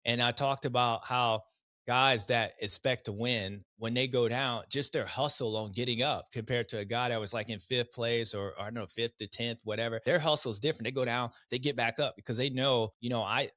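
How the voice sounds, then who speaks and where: A man's voice: mid-range voice, steady tone, fairly quick, sharp tone, no echo, studio quality. A man hosting a casual race recap, rambling with slang and restarts and acting out riders' voices in quotes. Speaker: podcast host, former racer.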